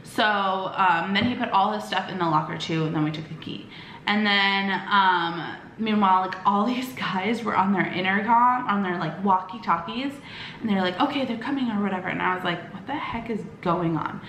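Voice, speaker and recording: A woman's voice: mid-range voice, fairly bright tone, roomy sound, slight background noise. A young woman vlogger telling a personal story in casual chat, rambling with lots of fillers and acting out quoted lines. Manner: acts out quoted lines with quick voice shifts.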